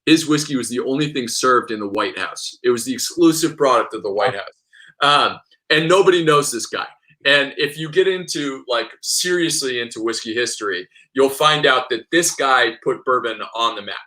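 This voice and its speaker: A man talking casually as a guest in an interview, an enthusiastic storyteller full of quick asides and restarts. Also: medium pitch, pushed and bright, poor audio. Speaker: whiskey expert guest.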